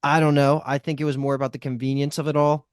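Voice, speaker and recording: A man's voice: a little high, flat delivery, quick pace, clear, resonant tone, dry recording, studio quality. A man co-hosting a casual TV review podcast, talking in a rambling way with lots of fillers and restarts. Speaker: podcast co-host.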